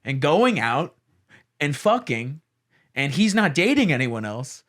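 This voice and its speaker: A man's voice: a little high, sing-song, unhurried, fairly bright tone. A young man co-hosting a podcast, giving rambling, frank advice in casual chat and swearing freely. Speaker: podcast co-host.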